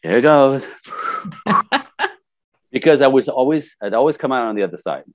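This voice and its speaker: A man's voice: mid-range voice, moderate pace, no room sound. An older man, a life coach, talking casually in an interview and acting out what people say to him. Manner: animated storyteller, acts out quotes. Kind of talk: conversational interview.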